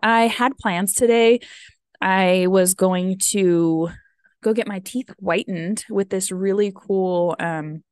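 She has a medium-pitched, darkish voice that is clear and resonant, and she takes her time on a dry recording. An American vlogger in her thirties, she rambles casually with lots of "like" and "um," sounding a bit sniffly from having teared up.

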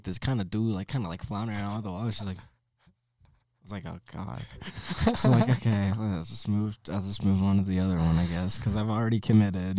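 A man's voice: mid-range voice, warm tone, no room sound, studio quality. A young man telling a funny story in casual chat, acting out his own lines as he goes.

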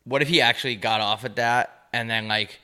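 A man in his twenties from Long Island co-hosting a podcast, telling stories in a dry, deadpan way. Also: mid-range voice, brisk, clean tone. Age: 20s. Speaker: podcast co-host. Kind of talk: casual chat.

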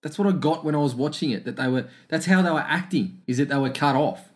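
A man's voice: fairly high pitch, fast. A man chatting about films, laughing, swearing and acting out scenes. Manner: laughing, swearing, acts out scenes in silly voices. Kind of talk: casual podcast chat about films.

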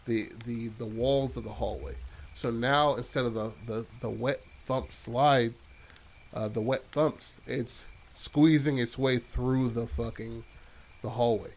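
A man spins a made-up horror tale in casual podcast chat. His mid-range voice rambles loosely and is salted with curses and restarts. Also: mid-range voice. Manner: rambling and profane, full of fillers and restarts. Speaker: podcast host telling a story. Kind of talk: casual improvised storytelling.

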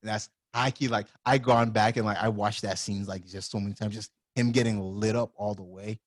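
A man casually retelling anime scenes as a podcast co-host, animated and full of "like" and "yo". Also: on the low side, fairly quick, dry recording, clean studio sound. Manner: animated storyteller, heavy use of "like" and "yo".

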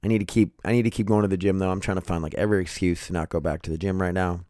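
A man's voice: sits low, steady tone, rapid-fire, darkish tone, no echo, clean studio sound. A man hosting his own podcast in loose, rambling, profane chat, sleepy and yawning, calling his listeners "you guys" and "dude.". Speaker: podcast host.

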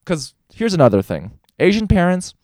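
A man's voice: high voice, big pitch swings, normal speed, darkish tone, dry recording, studio quality. A young man co-hosting a casual podcast, telling a candid story with frequent swearing. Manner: candid, profane storytelling, voices for quoted people. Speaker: podcast co-host.

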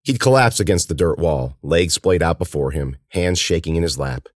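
A man with a very low voice reads a horror story as an audiobook, his pitch rising and falling with vivid, animated expression. The narration is measured and dramatic. The recording is close and dry, with no room sound or echo.

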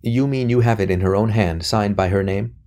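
A man reading aloud, voicing an excitable young male conspirator who snaps and sneers bitterly. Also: lowish voice, fairly quick, natural voice. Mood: snappish. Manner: snapping, bitter, boastful.

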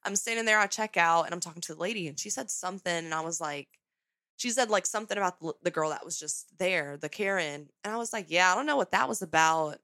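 A young adult woman hosting a podcast, telling a story in a casual, sarcastic, animated way. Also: lowish voice, fast talker, no echo. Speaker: podcast host.

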